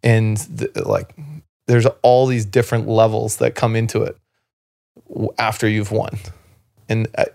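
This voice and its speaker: Gravelly-voiced man telling relaxed stories. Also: on the low side, a little slow, long pauses, dry recording, clean studio sound. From Canada. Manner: rambling, relaxed storyteller, many "like" fillers and restarts. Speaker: podcast guest, former basketball player. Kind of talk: casual storytelling conversation.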